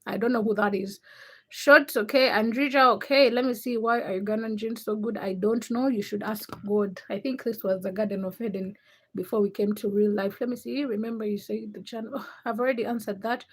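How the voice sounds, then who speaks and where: A woman's voice: mid-range voice, fairly even intonation, fairly quick, a bit bright, husky. A young woman hosting a casual livestream, teasing her chat and reading out viewers' names. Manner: teasing and laughing, reads chat names aloud. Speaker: livestream host.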